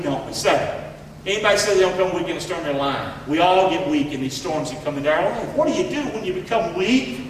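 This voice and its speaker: A man's voice: high voice, a little hiss or hum. A man preaching a sermon with fervent, repetitive delivery and many questions to his listeners. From rural area. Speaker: pastor. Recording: echoey hall, voice from far off.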